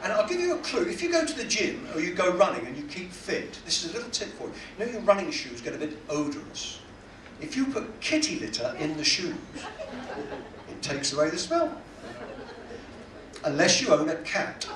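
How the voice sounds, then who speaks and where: A man's voice: high voice, very animated, fairly quick. A man doing a stand-up comedy set, delivering punchlines and acting out quotes. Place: cruise ship cabaret room. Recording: echoey room, distant mic, loud audience noise.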